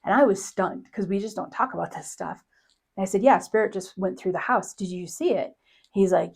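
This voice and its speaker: A middle-aged woman tells a personal story on her podcast in an easy, conversational manner. Her voice sits at an ordinary middle pitch. She laughs often and lifts her voice to act out what others said. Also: fairly quick. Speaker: podcast host, psychic medium. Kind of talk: casual storytelling monologue.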